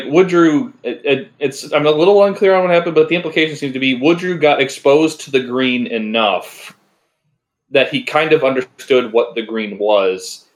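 A man in a casual comic book chat, working through the plot analytically and restarting his sentences. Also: medium pitch.

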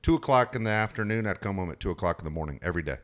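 Quick low-voiced man telling blunt stories. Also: expressive. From San Diego area. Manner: quick, frank, sprinkles in profanity. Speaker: sports radio reporter. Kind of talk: casual storytelling chat.

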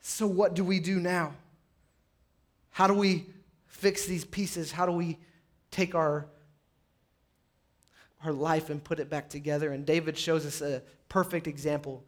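A man preaching a sermon as pastor, rising to loud pleading peaks and dropping to quiet, low passages. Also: steady tone, measured pace, long pauses. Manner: impassioned, rises high and loud on pleas then drops low. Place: church sanctuary.

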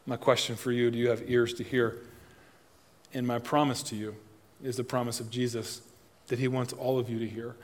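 A male pastor preaches in a church, his mid-pitched voice carrying a long reverb through the large hall. He swings from loud, emphatic lines to soft, hushed appeals and keeps putting direct questions to his listeners. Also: flat delivery, moderate pace, long pauses. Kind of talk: sermon.

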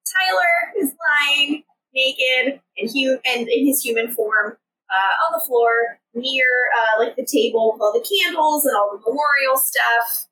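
A young woman hosting a podcast, recapping a show in casual chat with sarcastic, animated asides and swearing. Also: high voice, a little slow, far from the mic, slight background noise, rough recording. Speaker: podcast host.

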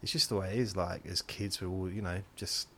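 A man's voice: deep voice, steady tone, fairly quick, pushed and bright, a little hiss or hum. A man hosts a podcast, rambling through a monologue meant to lull listeners to sleep and interrupting himself as he drifts between points. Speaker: podcast host.

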